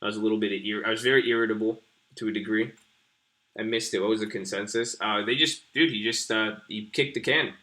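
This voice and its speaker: A man's voice: on the low side, fairly even intonation, fairly quick, bright, forceful tone. Rambling, slangy young man streaming. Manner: rambling, slangy and profane, chatting to viewers. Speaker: stream host. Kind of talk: casual live-stream commentary.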